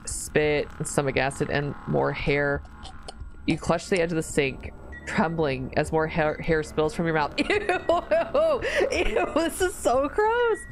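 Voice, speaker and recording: A woman streamer reading a horror visual novel aloud, slow narration broken by squealing, disgusted reactions. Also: sits low, a little hiss or hum, rough recording. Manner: reads narration slowly, then breaks into squealing disgusted reactions and laughs. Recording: faint music behind the voice.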